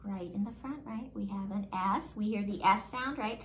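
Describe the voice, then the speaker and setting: A woman teaching a phonics lesson to young children, sounding out letters slowly and with exaggeration, and prompting and praising the class in an upbeat way. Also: medium pitch.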